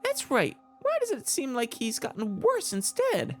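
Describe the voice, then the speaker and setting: A man doing Paimon, a squeaky little companion. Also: huge pitch swings, a little slow, faint music behind, heavily acted. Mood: indignant. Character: tiny floating female companion creature, excitable.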